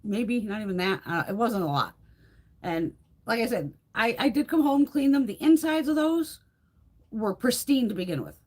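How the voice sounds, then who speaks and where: Speaking at a normal pace in a fairly high voice, this woman runs a live beauty stream and chats casually through a room tour. She's blunt and lively, swearing nonstop and laughing often.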